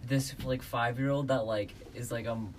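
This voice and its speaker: A woman's voice: very deep voice, steady tone, moderate pace, recorded from a distance, slight background noise. A teenage girl co-hosting a casual podcast with friends, rambling with lots of fillers. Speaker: podcast co-host. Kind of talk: casual chat among friends.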